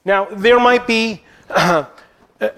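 A man's voice: high voice, takes it slowly, fairly bright tone. A man giving an earnest Bible teaching to church leaders, posing rhetorical questions as he goes. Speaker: Christian teacher.

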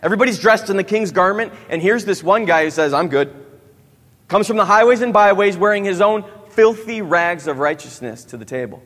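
With a high, slightly bright voice and lively intonation, a thirty-something youth pastor preaches briskly, hardly pausing. He peppers the audience with questions and ends many lines with "right?", all in a long, reverberant hall.

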